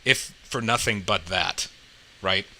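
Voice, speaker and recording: A man's voice: fairly low pitch, slow pace, pushed and bright, low-quality recording. A man hosting a casual podcast, chatty and upbeat, often tagging his sentences with "right?". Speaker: podcast host.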